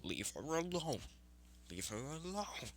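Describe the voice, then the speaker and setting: A man voicing a calm, powerful young male hero in a fan story, speaking gruffly and softly. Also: fairly high pitch, measured pace, slight background noise, voice pushed up.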